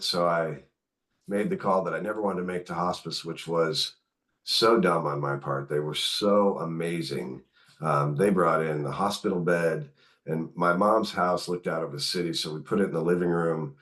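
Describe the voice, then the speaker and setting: A middle-aged man, a podcast guest, candidly recounting caring for his mother, acting out the dialogue as he goes. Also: low-pitched. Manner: candid, animated retelling with quoted dialogue. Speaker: podcast guest, author and caregiver. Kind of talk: conversational storytelling.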